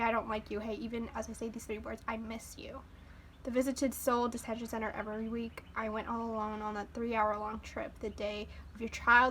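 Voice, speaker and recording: Bright-voiced young woman gushing over music. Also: a little high, slight background noise. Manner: gushing and emotional, exclaims and laughs. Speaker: reaction vlogger. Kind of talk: casual music reaction commentary. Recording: music playing behind her. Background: music playing.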